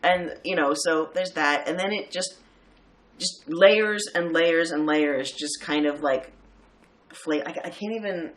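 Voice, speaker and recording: A man casually reviewing a film with a co-host, talking in an animated way with laughs and the odd swear. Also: a little high, a little slow.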